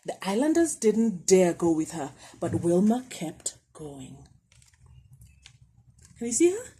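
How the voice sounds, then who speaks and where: A woman teacher reading a picture book aloud to children, pausing to ask questions about the pictures. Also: on the low side, breathy edge, low-quality recording. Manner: lively, asks the listener questions about the pictures.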